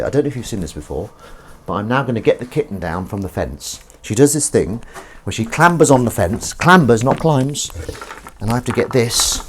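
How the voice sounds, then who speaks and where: A man chats casually on a home live stream as he washes up, rambling to viewers and to his cat. His voice sits fairly low but swings wide and lively in pitch. Faint background noise runs under the recording. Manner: rambling, chatty, talks to viewers and his cat, sings little tunes. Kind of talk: casual live-stream chat while washing up. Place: home kitchen.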